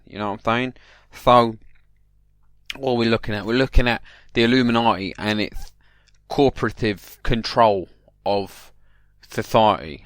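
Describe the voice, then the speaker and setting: A man's voice: lowish voice, fairly bright tone, no echo, clean studio sound. A man hosting a comedy podcast, delivering a rambling, mock-paranoid monologue that often addresses the listener directly. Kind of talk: mock-serious comic monologue.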